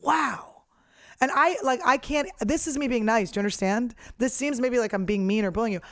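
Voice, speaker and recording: A woman's voice: fairly high pitch, brisk, no echo, clean studio sound. A woman comedian talking in a casual monologue, blunt and profane as she rants. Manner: blunt, profane, lively ranting. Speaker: professional comedian, podcast host.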